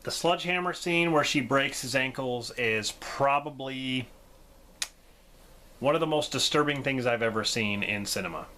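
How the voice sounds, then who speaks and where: Casting: enthusiastic male vlogger reviewing movies, bright, tense tone. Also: mid-range voice, moderate pace. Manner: enthusiastic, gushing, laughs often. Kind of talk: casual vlog movie review.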